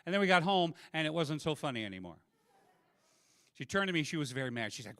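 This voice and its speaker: A man's voice: a little high, fast talker, pauses often. Self-deprecating male stand-up comic. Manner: self-deprecating, animated storytelling. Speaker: stand-up comedian. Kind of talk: stand-up comedy set. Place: live comedy stage. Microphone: handheld microphone.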